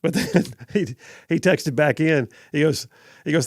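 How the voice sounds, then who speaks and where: This radio talk show host, a middle-aged man with a Southern accent, runs a live call-in program, wandering off track and laughing softly while fixing his own slips. Slightly high and a bit slow, he's heard through a studio microphone, clean and echo-free.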